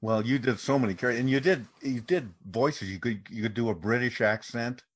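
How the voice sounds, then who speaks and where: A man hosting a casual conversation, reflective and soft-spoken. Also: medium pitch, normal speed, breathy edge. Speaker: host.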